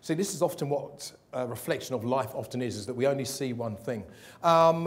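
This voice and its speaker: A man delivers a motivational keynote to a live audience in an event hall, cracking jokes and quizzing the crowd with questions. His mid-range voice is brisk.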